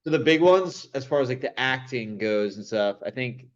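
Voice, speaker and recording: Young man, casual chat, rambling, frequent restarts, enthusiastic, mid-pitched, slightly muffled audio. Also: lively intonation, normal speed. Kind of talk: casual chat about old movies.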